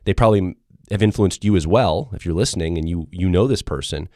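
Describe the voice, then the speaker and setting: Male podcast co-host, very low and hoarse, worn-down voice, easygoing casual chat, dry close sound. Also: fast, darkish tone, dry recording. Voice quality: deep rough voice. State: hoarse, run-down voice.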